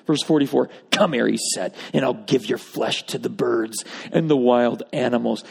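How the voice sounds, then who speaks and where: A man's voice: mid-range voice, creaky, a little mellow, slightly rough. A man preaching a sermon, emphatic with wry asides, reading scripture aloud. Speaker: pastor. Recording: long reverb of a large hall.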